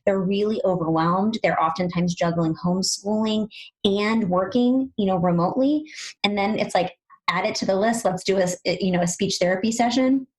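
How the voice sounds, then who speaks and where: A woman speech-language pathologist co-hosting a podcast, chatting quickly and animatedly with lots of "you know"s. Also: medium pitch, rough recording. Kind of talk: casual podcast chat.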